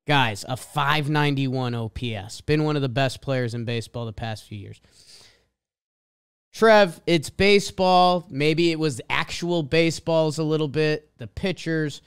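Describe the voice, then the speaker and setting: A man's voice: a little high, measured pace, clear, resonant tone. A man with a Boston accent co-hosting a casual sports podcast, reading out stat lines with emphatic swings. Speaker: podcast co-host.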